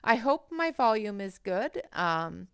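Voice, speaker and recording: Woman, livestream host, unhurried and chatty, slight fry, headset mic, dry sound. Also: mid-range voice, big pitch swings, dry recording. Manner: chatty, greets viewers by name between colouring steps. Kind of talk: casual livestream chat while colouring.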